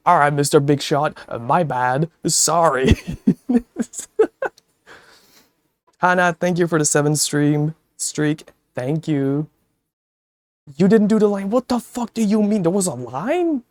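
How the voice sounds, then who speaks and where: A man's voice: fairly high pitch, takes it slowly, no echo. A man chatting casually on a stream, telling stories with a lot of swearing and laughter. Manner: profane, laughing storyteller; talks to chat viewers.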